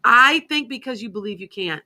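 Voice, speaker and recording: A woman's voice: a little high, lively intonation, fairly quick, sharp tone. A woman hosting a psychic radio show in casual, rambling chat, often restarting her sentences. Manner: chatty, rambling, self-interrupting.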